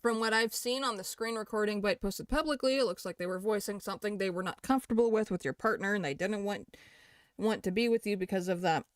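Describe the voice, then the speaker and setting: Reading posts out loud and reacting with lots of swearing, a young adult creator casually addresses allegations. They talk fast at medium pitch, with clean studio sound and no echo.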